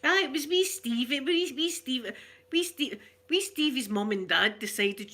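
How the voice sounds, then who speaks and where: A woman with a Glaswegian Scottish accent chatting casually, a rambling storyteller who laughs often and slips into soft asides. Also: high voice, lively intonation, unhurried. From Glasgow, Scotland. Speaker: ASMR vlogger. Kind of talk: casual chat.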